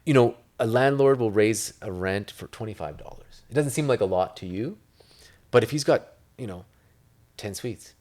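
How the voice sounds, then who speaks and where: A man's voice: fairly low pitch, moderate pace, darkish tone. A man from Italy, an interview guest talking about real estate in a loose, rambling way, full of filler words. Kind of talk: casual interview talk.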